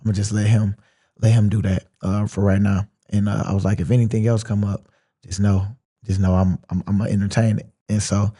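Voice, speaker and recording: Relaxed, mellow-voiced man talking football. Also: lowish voice, brisk, breathy edge. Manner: relaxed, reflective, drawling storytelling with quoted inner thoughts. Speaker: interview guest, pro football player. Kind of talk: casual sit-down interview.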